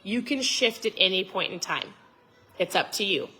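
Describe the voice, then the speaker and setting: Fired-up woman with a bright voice. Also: mid-range voice, expressive, moderate pace. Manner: fired up, almost yelling; emphatic, preachy. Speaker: vlogger. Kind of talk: motivational talk to camera.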